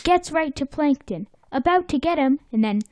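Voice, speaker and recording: A woman's voice: high voice, expressive, normal speed, darkish tone, no echo. A woman chatting casually, animatedly retelling a cartoon episode and acting out scenes with silly voices and sound effects.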